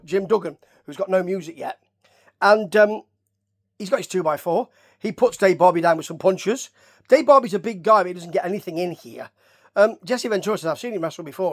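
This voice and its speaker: A man with a Nottingham English accent reviews old wrestling in a loose, chatty ramble. He wanders into asides and keeps tossing questions at the listener as he goes. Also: sits high. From Nottingham, England. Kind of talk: casual rambling review commentary.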